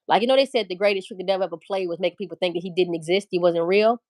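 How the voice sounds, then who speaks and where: A woman's voice: on the low side, racing, a little mellow, no room sound, clean studio sound. Candid, profane woman. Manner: candid, profane, emphatic and rambling. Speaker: livestream host. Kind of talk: casual livestream chat.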